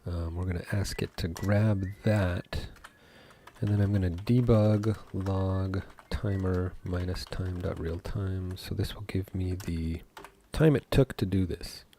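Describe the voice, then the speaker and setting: A man, a game developer, talking through his code as he works, thinking aloud with pauses and fillers. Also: low voice, fairly even intonation, dark tone, slight background noise. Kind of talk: live coding commentary.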